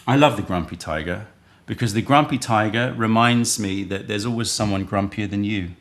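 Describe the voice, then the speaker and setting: Low gravelly guy rambling on a live tea stream, chatty and loose. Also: moderate pace, fairly bright tone. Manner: rambling, chatty, thinks aloud. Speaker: livestream host selling tea. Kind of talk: casual live-stream chat.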